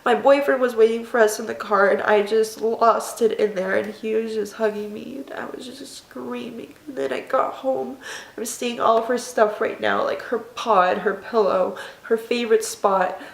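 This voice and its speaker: A young woman vlogger telling a personal story in an emotional, tearful, halting way. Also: on the high side, fairly even intonation, creaky. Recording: echoey room.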